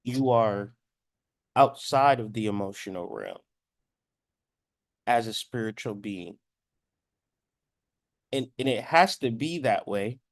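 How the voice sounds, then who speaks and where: On the low side in pitch, this man in his thirties is a spiritual astrology commentator delivering a preachy monologue. His lecture is blunt and profane, and he sometimes acts out the voices he quotes, in studio-quality audio with no echo.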